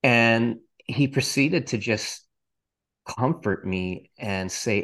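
A man's voice: mid-range voice, slow, a bit bright. A male podcast host candidly and earnestly telling his personal faith testimony, with touches of self-deprecating humor.

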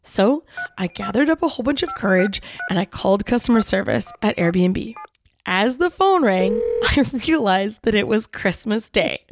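A woman in her forties, a podcast host, telling a personal story in a playful, animated scripted narration. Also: medium pitch, moderate pace, noisy background. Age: 40s.

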